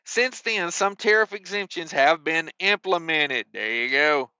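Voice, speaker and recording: A man's voice: fairly high pitch, animated, unhurried, pushed and bright, smooth, dry recording, lo-fi sound. A man hosting a trucking news show, reading stories and breaking off into wisecracking asides with mild cussing. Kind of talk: reading news with joking commentary.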